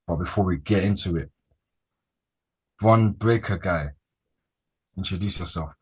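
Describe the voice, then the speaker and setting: A man hosting a casual wrestling chat, relaxed and rambling, with slangy sounding talk. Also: deep voice, unhurried, slightly rough. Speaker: podcast host.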